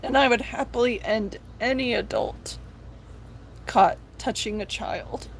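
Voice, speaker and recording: A woman's voice: fairly high pitch, measured pace, slight background noise, low-quality recording. A young woman hosting a live stream, talking in an earnest, preachy, pleading way about faith. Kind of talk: impassioned religious vlog talk.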